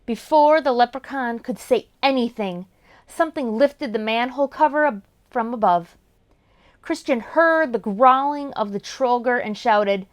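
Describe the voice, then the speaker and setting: Woman, story time host, children's book read-aloud, high lively voice, slow. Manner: expressive, storytelling.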